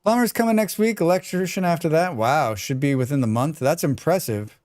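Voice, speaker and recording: A man's voice: a little high, a little fast, a little mellow. An American man chatting casually and joking with his chat while he plays a survival game on a live stream.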